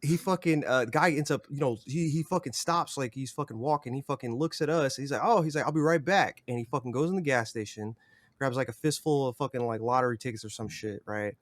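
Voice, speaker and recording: A man's voice: medium pitch, brisk, no room sound. A young man, a podcast guest, telling a story casually and profanely, with many fillers. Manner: profane, rambling, filler-heavy.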